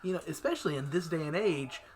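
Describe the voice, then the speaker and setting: A married man chatting casually on a podcast, speaking in a relaxed, plain manner. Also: fairly high pitch, quick pace, a little hiss or hum. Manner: relaxed, conversational, explains things plainly. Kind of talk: casual chat.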